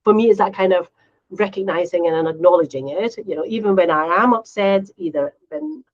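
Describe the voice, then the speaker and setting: A middle-aged woman co-hosting a casual chat, animated, often acting out quotes in a higher voice. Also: brisk, lo-fi sound. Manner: animated, acts out quotes in a high voice. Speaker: podcast co-host.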